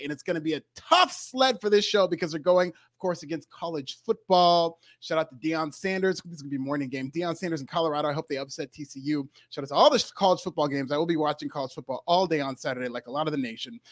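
A man's voice: sits high, fairly bright tone, no room sound, clean studio sound. A man co-hosting a podcast, giving a casual news rundown in a laid-back, joking manner. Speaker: podcast co-host.

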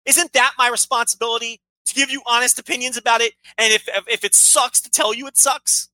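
A woman's voice: fairly high pitch, steady tone, a little fast, sharp tone, no echo, poor audio. A woman co-hosting a podcast in casual chat, ranting heatedly and swearing freely. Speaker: podcast co-host.

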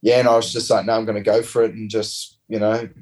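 Australian man, casual rugby yarns, low-ish voice, loose rambling delivery. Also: fast, poor audio. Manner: rambling, relaxed, slangy anecdotes. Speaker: interview guest, former rugby player. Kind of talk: casual storytelling.

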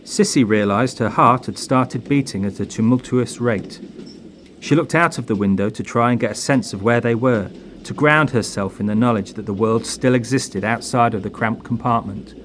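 A man narrating a horror audio story in a measured, atmospheric way. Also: medium pitch, slight background noise.

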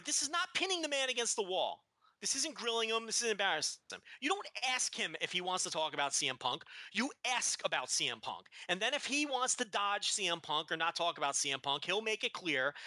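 A man co-hosting a podcast rants in a high, very bright, cutting voice. His pitch swings widely as he vents, swearing casually. It is recorded dry and close to the mic. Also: fairly quick, dry recording. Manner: animated, ranting, profane. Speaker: podcast co-host. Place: living in the American South.

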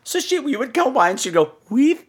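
A man hosting a podcast, telling a story in a theatrical, animated way, full of crude jokes and acted-out voices. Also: quick pace, husky. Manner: acts out quoted people in higher voices. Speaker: podcast host. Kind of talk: casual storytelling.

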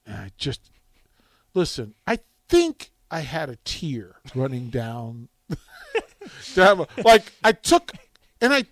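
A male radio host telling stories in casual call-in chat, swinging from loud to hushed. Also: on the high side, slow, pauses often, no echo. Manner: animated storytelling, dramatic swings from loud to hushed.

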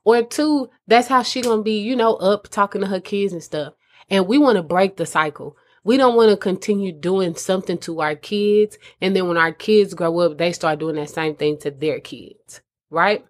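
A woman's voice: medium pitch, normal speed. A woman giving earnest, conversational advice to mothers as a host. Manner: earnest, conversational, addresses listeners as mamas. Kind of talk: casual advice talk.

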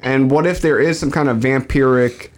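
A man's voice: mid-range voice, normal speed. A man co-hosting a podcast, talking casually and rambling through big ideas, often repeating his words. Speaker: podcast co-host.

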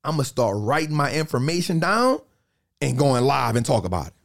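Gravelly man telling stories animatedly. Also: medium pitch, normal speed. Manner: animated storytelling, slangy, repeats phrases for emphasis. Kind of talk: casual podcast chat.

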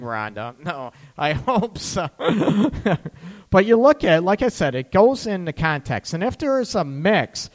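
A man with a fairly high, very lively voice gives frank, joking relationship advice on a live stream and laughs often. His voice rings out with a long reverb. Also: measured pace. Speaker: relationship coach.

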